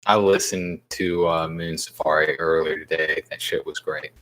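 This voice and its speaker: Deep-voiced man in laid-back chat. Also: steady tone, moderate pace, fairly bright tone, poor audio. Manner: easygoing, laughs often. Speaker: podcast co-host. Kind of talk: casual podcast chat.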